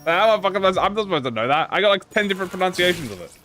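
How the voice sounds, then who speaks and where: A man's voice: sits high, expressive, racing, sharp tone, faint music behind. A man casually talking to his chat while playing a game, rambling, self-mocking and swearing freely. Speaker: streamer. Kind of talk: casual live-stream game commentary to chat.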